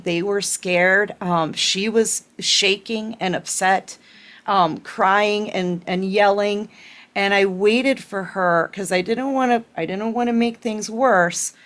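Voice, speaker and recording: A woman's voice: medium pitch, fairly bright tone. A woman tarot reader giving an earnest spiritual pep talk to her viewers, repeating herself and checking in with "okay?".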